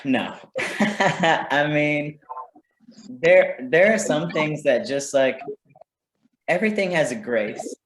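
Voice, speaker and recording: A man's voice: a little high, lively intonation, slow pace, long pauses. Roomy-sounding man teaching parents. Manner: conversational, keeps checking in with "right?". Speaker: parenting workshop presenter. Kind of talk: informal teaching talk. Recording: roomy echo.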